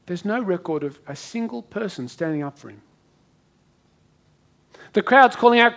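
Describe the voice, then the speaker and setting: A man preaching a sermon to a congregation, dramatic, acting out quoted voices with big swings in loudness. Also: sits high, animated, moderate pace. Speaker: pastor.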